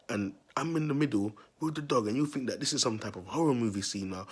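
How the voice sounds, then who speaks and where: Talking quickly with hardly any pauses, a man who calls himself a prophet spins a long, rambling tale for his audience in street slang. He repeats himself and addresses viewers directly as people. His voice is mid-range with a breathy edge.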